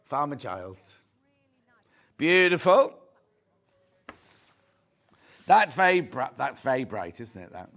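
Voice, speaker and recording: A man's voice: on the high side, vocal fry, fairly bright tone. A man with a British accent hosting a live shopping channel, chatting and reading out viewer comments. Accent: British English. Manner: chatty, camp asides, reads viewer comments aloud. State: a bit out of breath. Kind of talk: live TV sales presenting.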